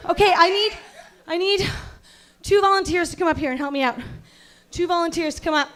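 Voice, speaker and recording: A woman performs stand-up at a comedy venue, posing as a self-serious acting coach. Her voice sits very high, and her deadpan lectures flip into sudden outraged yelling. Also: a little fast. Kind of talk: stand-up comedy set with crowd work.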